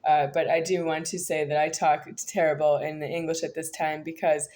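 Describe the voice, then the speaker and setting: Low-pitched woman from the us, rambling vlog talk, lots of uhs and stops. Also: little pitch movement, a little mellow. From United States. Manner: halting, disjointed, many hesitations. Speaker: vlogger. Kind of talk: rambling monologue to camera.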